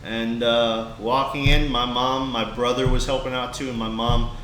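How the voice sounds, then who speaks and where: Young guy on a podcast, rambly emotional storyteller, bright voice, kinda echoey room w/ faint hiss. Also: medium pitch, level tone, moderate pace. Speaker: podcast co-host. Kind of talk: casual podcast chat.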